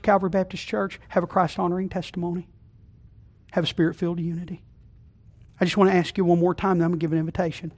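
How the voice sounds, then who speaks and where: High-voiced folksy preacher, loud to hushed. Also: male voice. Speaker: pastor. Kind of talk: sermon. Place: church sanctuary.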